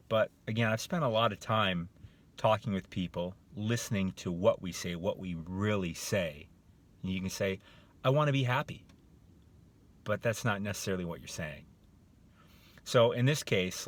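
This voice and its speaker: A middle-aged man with a fairly low voice talks through a motivational monologue in a loose, conversational way. He now and then acts out how a line sounds in different tones. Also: a bit bright. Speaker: motivational speaker.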